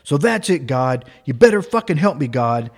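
A man's voice: mid-range voice, big pitch swings, moderate pace. A man voicing a desperate male gambler who prays to God, pleading and then cursing at him. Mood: defiant.

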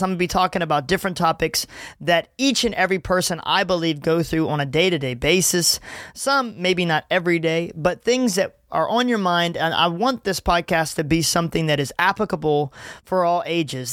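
A man's voice: a little high, fairly bright tone, dry recording, studio quality. A man in his twenties hosting a casual faith podcast, talking in a jokey, self-mocking, chatty way. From Louisiana. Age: 20s. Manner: jokey, laughing at himself, chatty. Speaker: podcast host.

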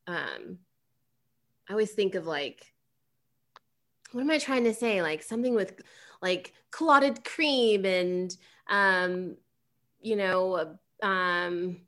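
A woman's voice: mid-range voice, lively intonation, slow, long pauses, a bit bright. A woman hosting a casual chat, bubbly and full of fillers. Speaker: host.

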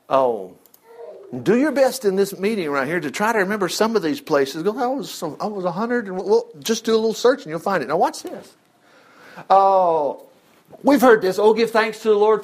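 A man teaches casually from scripture. His voice sits high for a man. He talks in a folksy, animated way, reading verses aloud and acting out the voices in them. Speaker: preacher.

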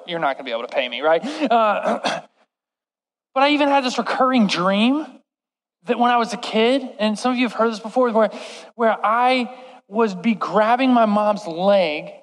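A young man preaching and telling a self-deprecating story in an animated way, acting out the voices of the people in it. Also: high-pitched. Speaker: youth preacher. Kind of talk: storytelling sermon. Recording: long reverb in a large hall.

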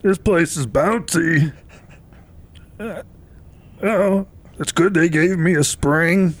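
A man's voice: fairly high pitch, slow. A man putting on a chirpy little gnome voice. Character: small chirpy male garden gnome on a spring.

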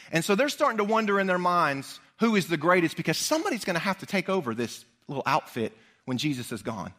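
A male pastor delivers his sermon with a high, ringing voice. He tells stories with plenty of animation and talks straight to his congregation. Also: big pitch swings, quick pace, bright, forceful tone.

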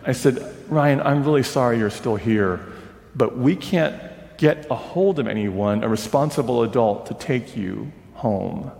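A man telling a story in a sermon, acting out the people he quotes and dropping to a hush at emotional moments. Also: mid-range voice, unhurried, vocal fry. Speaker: preacher. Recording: long reverb of a large hall.

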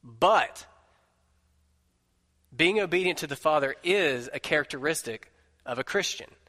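A man's voice: a little high, expressive, a little slow, bright, forceful tone. Man preaching with emphasis in reverberant hall. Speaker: pastor. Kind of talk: sermon. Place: church sanctuary. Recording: long reverb of a large room.

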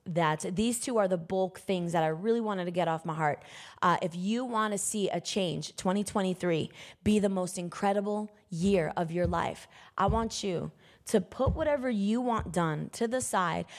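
A woman preacher giving an emphatic sermon, breaking into bursts of loud exhortation. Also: mid-range voice.

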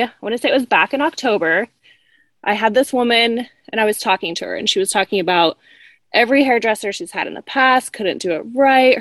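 A woman, a hairstylist guest, telling stories in casual chat, animated and laughing as she acts out quoted lines. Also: mid-range voice, dry recording.

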